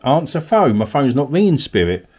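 A man, from Kent, talks his way through a ghost hunt inside an abandoned cottage at night. He coaxes unseen spirits with polite questions and pleases. His pitch swings widely from high to low. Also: very animated, moderate pace, a little mellow. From Kent, England. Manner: coaxing, calls out politely to spirits. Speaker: paranormal investigator. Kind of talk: ghost-hunting narration.

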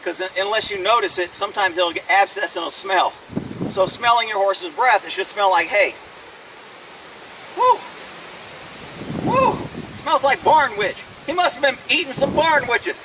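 A man with an unusually high, bright voice trains his horse, mocking and blunt in tone. The sound is distant, picked up outdoors with faint background noise. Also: animated, fairly quick. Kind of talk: sarcastic training demonstration. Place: outdoors at a rural farm with a horse.

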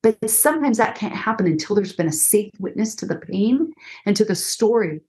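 Middle-aged woman, counselor guest on a faith podcast; animated teacher who acts out quoted dialogue, mid-range pitch. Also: moderate pace, breathy edge.

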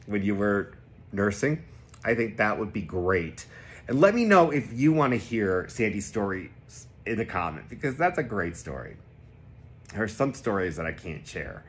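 A man casually telling a personal anecdote to the camera, animated and jumping into high voices when he quotes people. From Connecticut. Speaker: vlogger telling a personal story.

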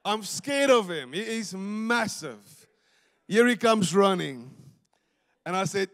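High-voiced South African pastor in a hall. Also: male voice, unhurried, gravelly, pauses often. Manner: animated, acts out dialogue, breaks into laughter. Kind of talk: storytelling sermon. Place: church stage. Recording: long church hall reverb.

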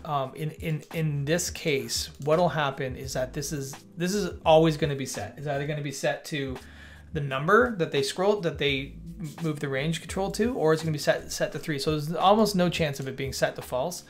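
A man's voice: a little high, normal speed. A man teaching coding on a livestream, thinking aloud and correcting himself as he chats to viewers. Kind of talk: casual live coding walkthrough. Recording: light background music. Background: faint music.

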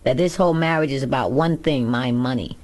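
A woman voicing a furious young husband who shouts accusations and is out of breath. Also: medium pitch, a little fast, natural voice. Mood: bitter.

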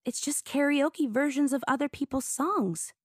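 Lady reading as a keen little girl in a storybook, earnest and bright, a bit higher, dry sound. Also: moderate pace, dry recording, lightly acted. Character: eager young girl singer, determined.

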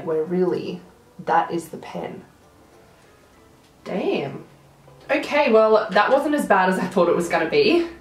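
This beauty vlogger talks at a medium pitch in a roomy-sounding space. Her nose is blocked, and she chats casually through the makeup tutorial, describing each product as she applies it.

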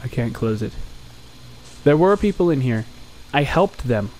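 Brief: young male let's-player, lively pitch, slow drawl, jumpy yelps, noisy game audio under him. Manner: jumpy, talks back at the game, yelps and shouts. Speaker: gameplay commentator. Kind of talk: let's play commentary.

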